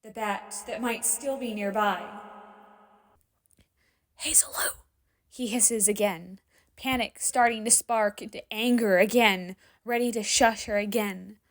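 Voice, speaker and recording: Slow, expressive woman storyteller. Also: medium pitch. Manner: expressive, drops to hushed whispers in tense moments. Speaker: fanfiction reader. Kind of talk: dramatic story narration.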